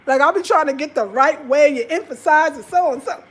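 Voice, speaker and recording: High-voiced chatty woman vlogging. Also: fairly quick. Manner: animated, chatty, addresses viewers as y'all. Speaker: travel vlogger. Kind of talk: casual talk to camera. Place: apartment room.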